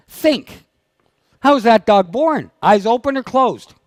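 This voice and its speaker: A man's voice: extremely high pitch, expressive, slow pace, no echo. A man leading a dog training seminar, blunt and teasing as he fires questions at his audience. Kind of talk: live seminar talk to an audience. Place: seminar room.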